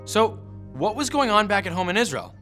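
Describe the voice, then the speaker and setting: A man's voice: high-pitched, sing-song, fairly quick, pushed and bright, faint music behind. A man giving scripted history narration in a punchy storytelling manner with wry asides.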